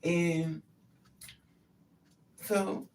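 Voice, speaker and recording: A woman's voice: fairly low pitch, little pitch movement, very slow, a little mellow, recorded from a distance, slight background noise. A woman vlogger telling a personal story in a blunt, profane, casual way, laughing between lines.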